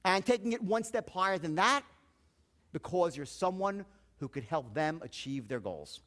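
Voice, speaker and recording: A man's voice: sits high, expressive, moderate pace, fairly bright tone. A man giving a motivational sales seminar, profane and anecdotal, acting out the dialogue in his stories.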